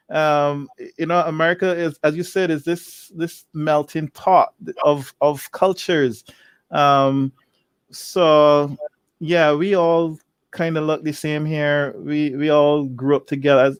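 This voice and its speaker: A man's voice: fairly high pitch, clear, resonant tone, no echo. A man from Barbados with a Barbadian accent, chatting as a podcast guest, laughing often as he explains. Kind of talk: casual conversation.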